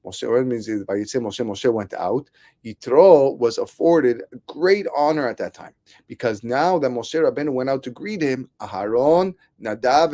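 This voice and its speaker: A rabbi gives a weekly Torah lesson in an animated, storytelling manner. His voice sits at a medium pitch. He keeps slipping into the voices of the people in his parables. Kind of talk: Torah class.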